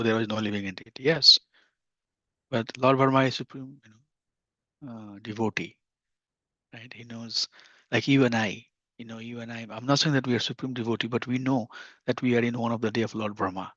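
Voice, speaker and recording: An earnest man gives a scripture class in a steady teaching tone. He often repeats his key phrases. The sound is dry and muffled, like a lo-fi recording. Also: medium pitch, a little fast, no echo.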